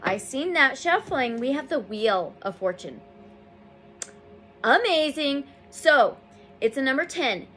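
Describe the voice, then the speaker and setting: A woman giving a casual tarot reading to camera, reading card meanings and gushing with emotion over the results. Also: high voice. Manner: reads card meanings aloud slowly. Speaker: tarot reader.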